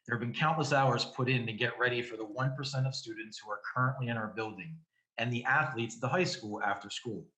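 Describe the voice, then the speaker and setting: A man, a committee member, giving a firm, measured prepared statement at a board meeting. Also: mid-range voice, bright, forceful tone, roomy sound, rough recording.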